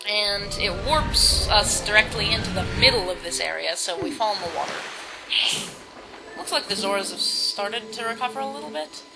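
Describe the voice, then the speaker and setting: A woman's voice: medium pitch, animated, moderate pace, creaky, very noisy. A woman giving rambling, self-deprecating let's play commentary while she plays a game. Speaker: gamer. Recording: game music underneath.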